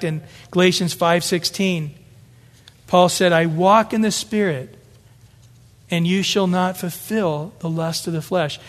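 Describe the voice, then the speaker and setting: A man preaching from the pulpit in a fairly high voice, earnest and emphatic. He stacks up repeated phrases to drive his points home. His words ring out with a long reverb, as in a big church hall. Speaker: pastor. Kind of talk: sermon.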